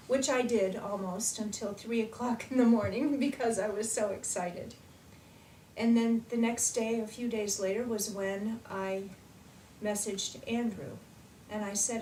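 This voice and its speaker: A woman telling her personal story in an excited, animated way, recorded as an interviewee. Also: mid-range voice, normal speed, roomy sound, recorded from a distance, a little hiss or hum, low-quality recording.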